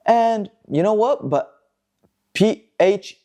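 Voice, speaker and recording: A man hosts a car news vlog in a loose, joking commentary style. His pitch swings widely and lively from phrase to phrase, and his tone stays sarcastic and playful. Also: takes it slowly. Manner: jokey, sarcastic, animated. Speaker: host of a car news show.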